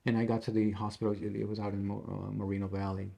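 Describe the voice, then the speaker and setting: A middle-aged man, a musician being interviewed, talking in a halting way and often repeating and restarting his words. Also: lowish voice, level tone, creaky, mellow. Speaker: interview guest, tribute band musician. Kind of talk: casual interview conversation.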